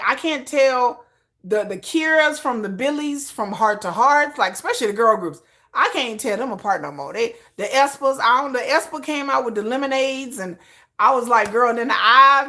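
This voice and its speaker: A woman vlogger chatting casually about pop music in a slangy, animated way, full of asides. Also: high voice.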